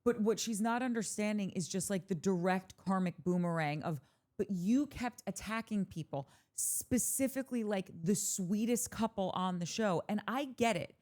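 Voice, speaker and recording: A woman co-hosting a podcast, chatting casually and opinionated, with lots of "like" fillers. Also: on the low side. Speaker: podcast co-host. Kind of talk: casual chat.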